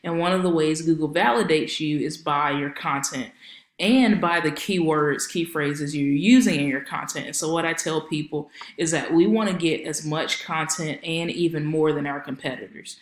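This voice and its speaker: In an echoey room, a woman marketing consultant walks through a website on a casual screen share. Her voice sits low and her pace is moderate, and she's chatty and friendly, with lots of filler ums.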